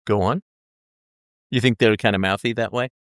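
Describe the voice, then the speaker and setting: Playful halting man reading a question. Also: on the low side, fairly even intonation, smooth, dry recording, clean studio sound. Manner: playful, halting, many restarts. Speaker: podcast host. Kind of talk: casual chat reading a listener question.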